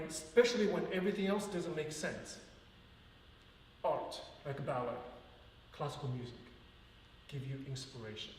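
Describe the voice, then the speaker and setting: Ballet teacher guy, fairly high voice, talks earnest and counts beats out loud, far off in a big echoey studio. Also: slight background noise. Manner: earnest, counts aloud rhythmically. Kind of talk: teaching a live ballet class. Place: large echoey dance studio.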